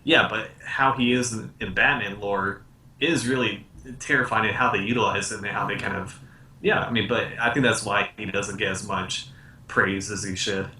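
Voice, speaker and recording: A man co-hosting a podcast, talking casually and quickly with stumbles and repeated words. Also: on the low side, steady tone, bright, forceful tone, recorded from a distance. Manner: fast, hesitant, repeats words. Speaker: podcast co-host. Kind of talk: casual chat. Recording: echoey room, off mic.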